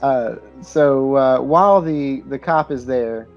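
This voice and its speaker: A man's voice: medium pitch, takes it slowly, lo-fi sound, soft background music. A man co-hosting a casual podcast, retelling a film's plot with fillers and swearing. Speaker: podcast co-host. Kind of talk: casual movie recap chat.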